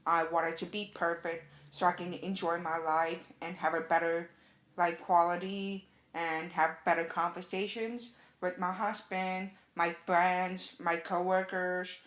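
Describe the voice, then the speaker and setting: A young adult woman telling a casual, excited story as a vlogger, acting out the quotes. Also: fairly low pitch, measured pace, echoey room. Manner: chatty, excited, acts out quotes.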